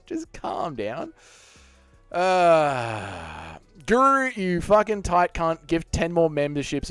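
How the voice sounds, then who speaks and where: A man's voice: fairly high pitch, no room sound. An Australian man hosting a casual live stream, bantering and swearing as he reads out chat messages. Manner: profane, joking banter with chat.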